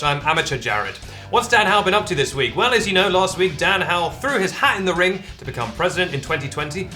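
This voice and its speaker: Bright, lively young male comedy host. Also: on the high side. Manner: deadpan absurd humor with dramatic pauses. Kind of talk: comedic scripted news segment.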